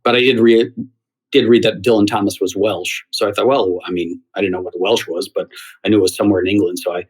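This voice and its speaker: A middle-aged man from the United States, a theater critic, telling lively stories as a guest in an interview. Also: on the low side, fast talker, husky, poor audio. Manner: animated storyteller who acts out quoted voices. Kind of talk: anecdotal interview storytelling.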